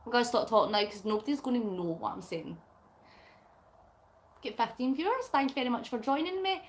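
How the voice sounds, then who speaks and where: In a laid-back livestream, a middle-aged Scottish woman crafts while chatting and giggling over viewer comments she reads out. Her voice is a little high and expressive, and she speaks a little fast.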